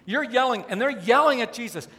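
High, bright-voiced preacher in a reverberant hall. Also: male voice, animated. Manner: conversational preaching with wry asides and dramatic pauses. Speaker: pastor. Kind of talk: sermon.

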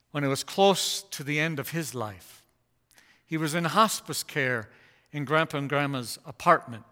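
Preacher man with a bright, ringing voice. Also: fairly high pitch. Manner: dynamic, swings from hushed to loud. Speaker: pastor. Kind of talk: sermon. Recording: long hall reverb.

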